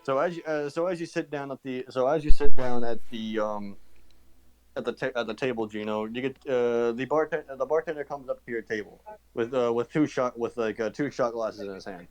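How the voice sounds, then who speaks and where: A man's voice: mid-range voice, brisk, rough recording. A man in a mid-range voice narrates a tabletop game as its game master. He talks casually, often stopping and restarting his sentences.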